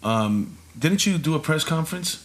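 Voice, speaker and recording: A man interviewing a guest in a casual, halting, questioning way. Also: a little high, lively intonation, poor audio.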